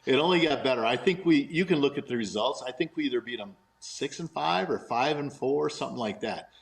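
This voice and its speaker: A man telling a long anecdote in a lively way, laughing as he goes. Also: medium pitch, fairly quick, creaky, low-quality recording. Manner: animated storyteller, laughs often. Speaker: guest golfer in a played clip.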